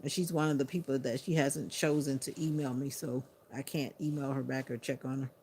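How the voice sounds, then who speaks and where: A sleepy woman hosting a livestream, chatting to viewers in an unhurried, casual way. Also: rumbling low, fairly even intonation, a little mellow, a little hiss or hum. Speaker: livestream host.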